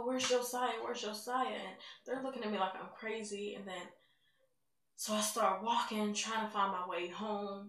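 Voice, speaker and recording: A woman's voice: medium pitch, fairly bright tone. A woman giving a candid, emotional personal testimony in a conversational way. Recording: roomy sound, mic at a distance.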